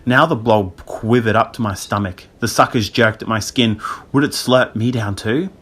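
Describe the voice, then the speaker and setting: Bright, low-voiced male storyteller. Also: normal speed. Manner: lively storytelling. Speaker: audiobook reader. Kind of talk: scripted narration.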